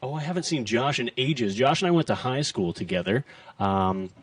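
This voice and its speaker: A chatty man hosts a casual live stream and sounds a little nervous, joking at his own expense. His voice sits at an ordinary middle pitch. He is picked up from a few steps back from the mic in a dry room. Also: moderate pace, dry recording, recorded from a distance. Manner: chatty, self-deprecating, loud and excitable. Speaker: host.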